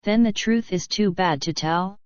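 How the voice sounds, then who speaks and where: A woman reading the lines of a gruff, suspicious male lodge boss with a blunt, hot-tempered manner, in a dull lo-fi recording. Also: mid-range voice, moderate pace, darkish tone, no room sound, lightly acted.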